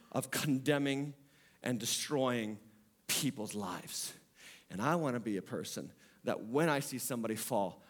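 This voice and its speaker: High-voiced male preacher, dramatic swings. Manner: preaching with big swings in pitch and loudness, repeating phrases for emphasis. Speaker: pastor. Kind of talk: sermon.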